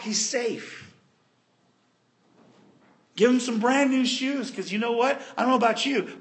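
A man preaching a sermon, retelling a story with animated storytelling and addressing the congregation directly. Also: high voice, gravelly.

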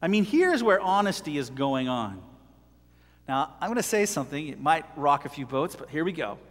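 High-voiced man preaching in a hall. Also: big pitch swings, normal speed. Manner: conversational, acts out scripture voices. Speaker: pastor. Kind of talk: sermon. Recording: long hall reverb.

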